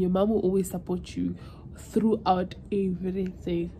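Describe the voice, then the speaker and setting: A woman's voice: fairly low pitch, fairly even intonation, moderate pace, warm tone, faint music behind. A South African woman in her twenties chatting casually in a vlog, emotional and switching languages mid-sentence. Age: 20s. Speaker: vlogger.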